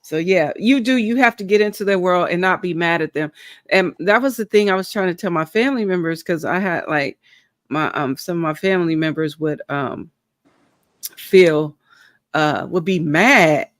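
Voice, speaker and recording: A woman hosting a casual chat, telling a family story in a lively way and laughing often. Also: fairly low pitch, moderate pace, no room sound, clean studio sound. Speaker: host.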